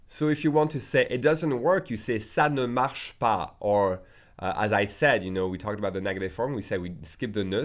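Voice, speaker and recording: French-accented man teaching French. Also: mid-range voice. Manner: slow deliberate pronunciation of French examples, frequent "okay?" check-ins. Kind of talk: casual language lesson.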